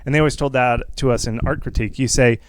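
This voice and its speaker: A man's voice: medium pitch, fairly even intonation, fast talker, smooth, no room sound. A man hosting a game-marketing talk, rambling through casual advice with many restarts and acted-out upbeat feedback lines.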